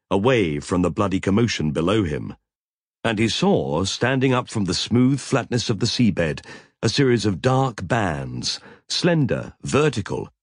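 A male audiobook narrator with a husky, fairly low voice. His reading is measured yet expressive, pitch rising and falling freely. The sound is close and dry. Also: no echo. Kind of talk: scripted narration.

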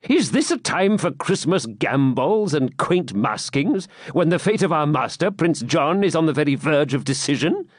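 A man's voice: big pitch swings, normal speed, hardly any pauses, dry recording, clean studio sound. A man voicing a scheming, angry medieval Norman noble who speaks sharply and impatiently. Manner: sharp and impatient, voice raised higher.

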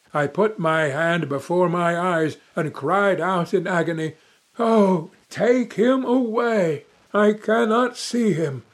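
Narrator: young man, slightly high-pitched, dramatic emotive reading of a classic novel. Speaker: audiobook narrator. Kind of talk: first-person audiobook narration.

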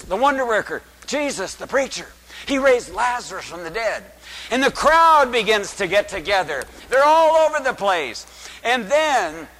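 Priest giving a sermon: high, lively and bright male voice, booming and dramatic, with long church reverb. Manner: dramatic, addresses the congregation with rhetorical questions; booming preacher's delivery. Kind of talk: liturgical sermon.

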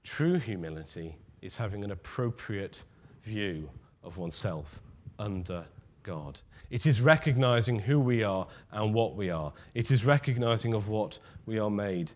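A man preaching a sermon in a measured, emphatic way, dropping to a near-whisper on key words. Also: lowish voice, expressive, darkish tone.

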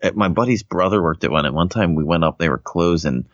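A man's voice: deep voice, fast, no echo, muffled recording. A laid-back man in casual podcast chat who laughs through his stories and keeps saying "dude.". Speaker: podcast co-host.

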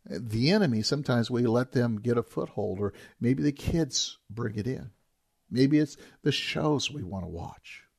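A man's voice: mid-range voice, expressive, unhurried, gravelly, a little mellow, husky. A man preaching a sermon as a pastor, talking in an earnest, emphatic way and repeating key phrases.

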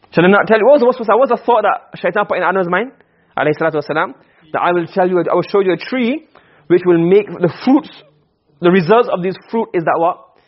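A man's voice: high voice, fast, highs cut off. A man teaching a class, often quizzing his students and repeating his points. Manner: asks the class questions, repeats himself. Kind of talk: classroom lecture on Arabic rhetoric.

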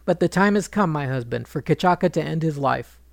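A man voicing a proud queen who is furious and grieving, speaking bitterly in his gravelly storytelling voice. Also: fairly high pitch, lively intonation, brisk, no echo, clean studio sound. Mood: bitter, pleading. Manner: bitter, accusing speech.

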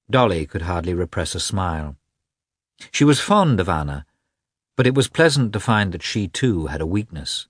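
A man narrating a classic novel with an expressive, measured reading. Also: sits low, husky, no room sound, studio quality. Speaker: audiobook narrator. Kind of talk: scripted narration.

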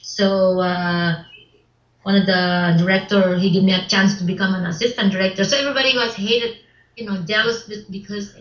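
A woman speaking English as a second language in a casual interview. She starts over often and repeats words as she goes. Her voice sits in a middle pitch and comes through an echoey, somewhat dull recording. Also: fairly even intonation, a bit bright. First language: not English. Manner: halting, repeats words, broken grammar, laughs often. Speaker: actress and filmmaker guest.

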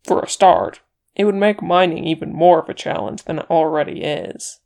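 A reader voicing a gruff, blunt male dwarf warrior in an audiobook, grumbling and plain-spoken. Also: medium pitch, lively intonation, normal speed, darkish tone. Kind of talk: audiobook character reading.

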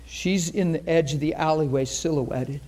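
A man's voice: fairly high pitch, moderate pace, a little mellow. A man preaching a sermon to a congregation, telling a story in an earnest, conversational way and acting out the voices of the people in it. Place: church in front of a congregation.

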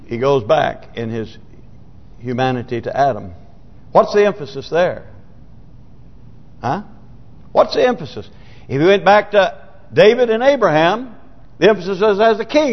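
A man with a high voice delivers a sermon, reading scripture aloud and repeatedly asking the congregation whether they are with him. The lo-fi recording is muffled, and a long church reverb trails after each phrase. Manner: asks the congregation rhetorical questions; reads scripture aloud with emphasis. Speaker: pastor.

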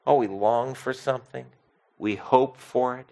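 A man preaching a sermon as pastor, expressive, swinging from soft to loud and asking the congregation questions. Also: mid-range voice, a little slow, vocal fry.

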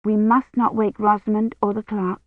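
A woman voicing a firm, caring young woman who speaks sternly and gently. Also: mid-range voice, flat delivery, moderate pace, no room sound, lightly acted. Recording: tinny phone-like line.

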